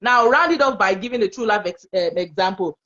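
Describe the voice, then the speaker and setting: A woman with a Nigerian English accent, talking in a casual panel conversation as an expressive, laughing storyteller. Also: medium pitch, a little fast, dull audio. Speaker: panel guest.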